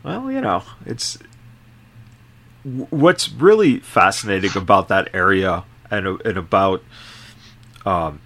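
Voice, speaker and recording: A man's voice: low-pitched, lively intonation, slow, pauses often, fairly bright tone. A man hosting a podcast interview, rambling through his questions with fillers and asides. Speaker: podcast host. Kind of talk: casual interview chat.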